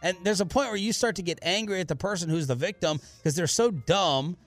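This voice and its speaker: A man's voice: high voice, fairly quick, dry recording, soft background music. A man co-hosting a radio talk show, telling stories and mocking in casual banter. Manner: animated, storytelling, mocking.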